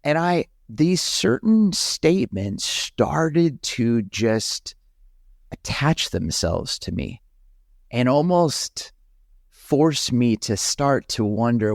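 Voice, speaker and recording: Earnest halting man, dry close sound. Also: medium pitch, sing-song, creaky, dry recording. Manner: earnest, halting, with repeated restarts. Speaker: pastor, podcast guest. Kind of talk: reflective conversational interview.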